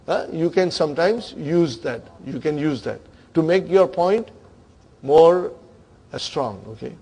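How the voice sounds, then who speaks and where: A man's voice: fairly high pitch, expressive, unhurried, warm tone, breathy edge. A man teaching a grammar class, questioning his students and checking in with them often.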